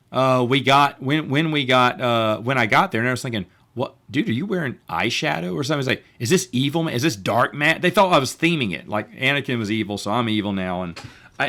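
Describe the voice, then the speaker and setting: A man's voice: mid-range voice, sharp tone. A man telling a long personal story late at night, rambling and restarting his sentences. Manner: rambling, restarts often, says he is tired. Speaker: podcast host. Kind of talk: casual storytelling monologue.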